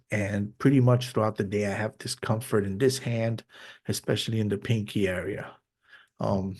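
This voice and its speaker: A man hosting a podcast, speaking openly and reflectively in a personal monologue, sometimes halting and restarting his sentences. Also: on the low side, a little mellow, husky. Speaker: podcast host.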